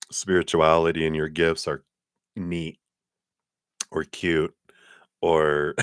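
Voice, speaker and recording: A man giving a live-streamed tarot reading in a chatty, animated way, laughing often as he tells stories. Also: very deep voice, dry recording, studio quality. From lives in Colorado. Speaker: tarot card reader.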